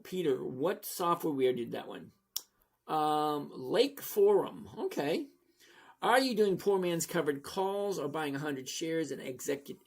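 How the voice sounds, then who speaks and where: Older guy in his 60s, gravelly husky voice, blunt and rambly, reading chat on a trading stream. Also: a little high. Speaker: trading channel host. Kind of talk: casual livestream talk.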